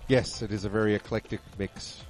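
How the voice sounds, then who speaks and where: A man's voice: on the low side, fairly even intonation, fairly quick, faint music behind. An Australian man in casual chat, making wry, dry jokes and often restarting his sentences.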